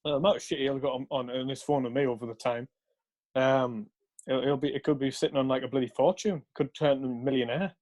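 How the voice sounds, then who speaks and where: A man's voice: mid-range voice, steady tone, fast talker, a little mellow. A young man casually telling a rambling story, swearing often and laughing along. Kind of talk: casual chat.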